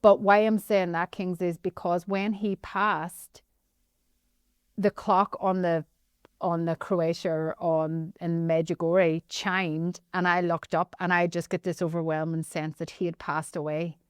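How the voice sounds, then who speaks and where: Animated Northern Irish woman, smooth voice. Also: lowish voice, a little slow, no room sound, clean studio sound. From Northern Ireland. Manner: animated, keeps addressing the host by name. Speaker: podcast guest. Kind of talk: emotional personal storytelling.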